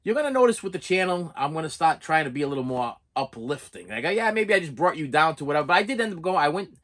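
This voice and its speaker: A middle-aged man hosting a movie collecting channel, telling a personal story in a halting, emotional vlog monologue and repeating his words as he goes. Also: a little high, big pitch swings, fairly bright tone. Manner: halting, repeats words, voice rises when upset.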